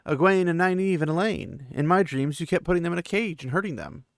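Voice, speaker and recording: A man's voice: a little high, brisk, gravelly, dry recording, clean studio sound, voice pushed up. A man voicing a young male country lad who speaks urgently and defiantly.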